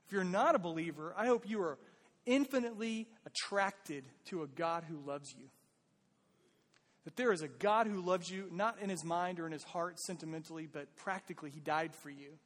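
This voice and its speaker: A man's voice: high-pitched, moderate pace, a bit bright. Earnest male pastor preaching in a hall. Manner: earnest, pleading, conversational. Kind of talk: sermon.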